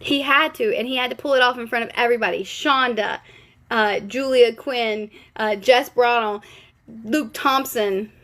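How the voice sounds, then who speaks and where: A young woman chatting live to her viewers in a gossipy, cheeky way. Her voice sits a little high, and she answers comments as she goes. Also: normal speed, fairly bright tone. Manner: cheeky, playful asides. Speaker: livestream host. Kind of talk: casual live-stream chat.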